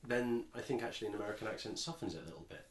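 A man's voice: fairly low pitch, very fast, reverberant, slight background noise. An English man co-hosting a podcast, chatting casually and rambling with frequent restarts. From England. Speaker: podcast co-host. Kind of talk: casual chat.

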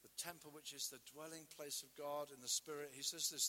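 High, bright-voiced impassioned male preacher. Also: steady tone, brisk, few pauses, long reverb tail. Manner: passionate, acts out quotes, swings between loud and hushed. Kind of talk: sermon.

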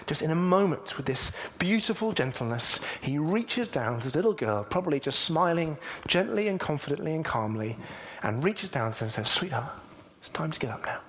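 A man preaching a sermon earnestly, moving between emphatic lines and hushed, near-whispered ones. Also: a little high, big pitch swings, normal speed.

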